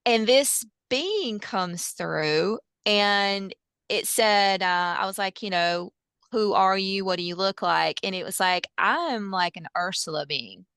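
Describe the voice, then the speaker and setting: A woman, a hypnosis practitioner telling session stories in a lively way, with many fillers and quoted dialogue. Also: medium pitch, slow, smooth, no room sound. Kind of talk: animated storytelling in casual chat.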